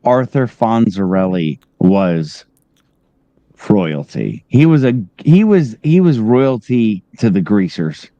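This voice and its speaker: A man's voice: lowish voice, very animated, slow pace, mellow, no echo, muffled recording. A man chatting and joking on a live stream, often repeating himself. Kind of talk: casual live-stream chat.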